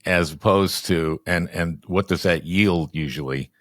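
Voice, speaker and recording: Podcast guest, man in his 70s, very low dry voice, wry halting delivery with frequent restarts. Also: fairly bright tone, no room sound. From Minnesota, US. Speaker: podcast guest, former senator and comedian. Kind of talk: casual political chat.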